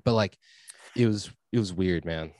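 A man's voice: sits low, moderate pace, darkish tone, no room sound. A young man telling a rambling story in a casual chat, laid-back, swearing and full of fillers. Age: young adult.

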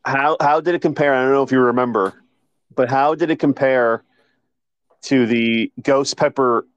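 A man's voice: mid-range voice, fairly even intonation, moderate pace, no echo, highs cut off. A man co-hosting a podcast, laughing along and asking follow-up questions in casual chat. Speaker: podcast co-host.

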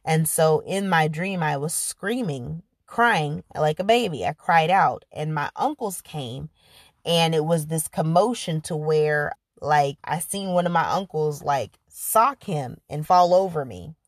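A woman with a low voice tells a painful personal story in an earnest, conversational manner. She leans on filler words as she works through the memory. The recording is dry and close, with no room sound. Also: animated, unhurried, dry recording. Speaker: podcast host.

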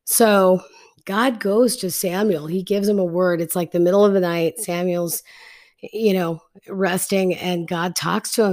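A woman's voice: fairly low pitch, fairly even intonation, unhurried, darkish tone. Chatty woman retelling a Bible story. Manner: chatty, paraphrases scripture in slangy modern speech. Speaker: Bible teacher. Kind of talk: casual Bible teaching.

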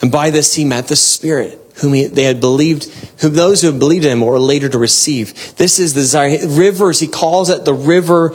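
A man preaching a devotional sermon and reading scripture, earnest and exhorting, with bursts of excitement and soft laughs. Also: on the high side, fairly quick, few pauses.

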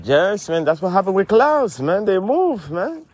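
A man's voice: high voice, sing-song, unhurried, darkish tone, a little hiss or hum, voice pushed up. A man playing a pushy, rambling DJ with a Spanish accent, who teases his friend and ends every phrase with "man" in an improvised comedy podcast sketch. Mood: teasing. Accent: Spanish-accented English. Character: brash, pushy male DJ who says "man" constantly.

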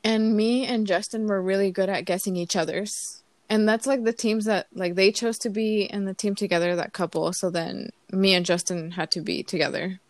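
A woman's voice: medium pitch, steady tone, normal speed, few pauses, no room sound. A woman in her thirties whose first language is Spanish, chatting casually as a podcast co-host and rambling through stories with lots of fillers. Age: 30s. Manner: rambling storyteller with many fillers. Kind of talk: casual chat.

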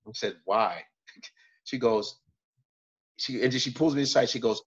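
A man, a comedian guest, telling stories in casual talk, profane and animated, jumping up in pitch when acting out moments. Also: a little slow, pauses often, husky, lo-fi sound. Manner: profane, animated retelling with bursts of high pitch. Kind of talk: casual storytelling.

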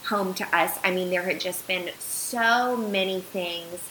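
A woman in her thirties tells a heartfelt personal story as a podcast guest, with an animated, earnest delivery full of "um"s and "like"s. Her voice is bright and forward, and a faint hiss sits under the recording. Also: lowish voice, measured pace, rough recording. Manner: earnest, animated retelling with filler words.

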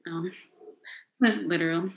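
A woman from the United States in casual chat, guessing words with quick, jokey humor. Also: lowish voice, fairly even intonation, vocal fry. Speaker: guesser in a word game. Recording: echoey room.

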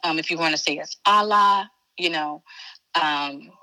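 Heard on a rough recording, a woman with a deep voice talks at a measured pace, bright and forceful. She is a Chicago spiritual teacher giving a casual interview as a guest. Emphatic and folksy, she addresses the listener as baby and honey.

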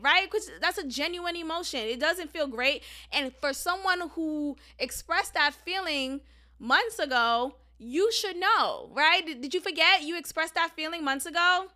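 A young adult woman hosting a podcast, telling a personal story in a candid, animated way and swearing freely. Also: sits high, measured pace. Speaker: podcast host. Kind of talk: casual storytelling monologue.

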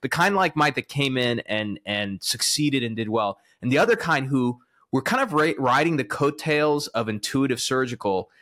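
A man from Texas hosts a relaxed interview and tells his own stories in a chatty way. His voice sits at an everyday middle pitch, and he laughs easily. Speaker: podcast host. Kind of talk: casual interview conversation.

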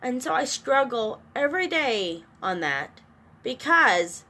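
This middle-aged woman has a high, pushed, bright voice with big pitch swings, and she takes it slowly. Confiding to her camera about co-parenting struggles, she's earnest, emotional and rambling, often restarting.

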